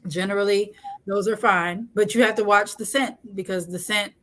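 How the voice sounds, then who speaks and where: A woman's voice: medium pitch, fairly even intonation, normal speed, sharp tone. A young adult woman hosting a casual chat, talking frankly and joking, often laughing. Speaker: host.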